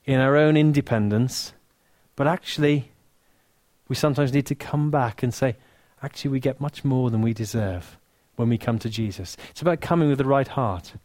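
A man with an English accent preaching a sermon, earnest and warm, dropping to soft, hushed lines for emphasis, with touches of dry humor. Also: mid-range voice, normal speed, dry recording. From England. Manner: earnest, softening to near-whisper on key lines, dry humor.

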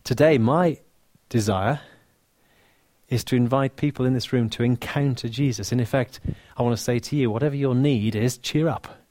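A man with an English accent preaching a sermon, earnest and warm, dropping to soft, hushed lines for emphasis, with touches of dry humor. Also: medium pitch, moderate pace, no room sound. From England. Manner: earnest, softening to near-whisper on key lines, dry humor.

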